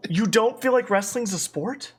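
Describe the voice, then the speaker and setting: A stream host with a Minnesotan accent, chatting at an ordinary pitch in loose, rambling sentences. The talk is full of fillers and restarts. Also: moderate pace, slightly rough. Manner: rambling, many fillers and restarts, laughs often. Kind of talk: casual livestream chat.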